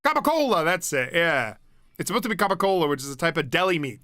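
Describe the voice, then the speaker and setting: A man's voice: fairly high pitch, sing-song, quick pace, pushed and bright, no room sound, clean studio sound. A young man streaming and chatting casually, rambling, laughing often and swearing freely. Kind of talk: casual chat. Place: home streaming setup.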